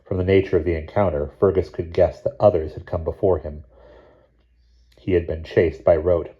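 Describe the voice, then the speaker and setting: A man reading a novel chapter aloud in a measured, steady narration. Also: deep voice, muffled recording. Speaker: audiobook reader. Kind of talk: scripted narration.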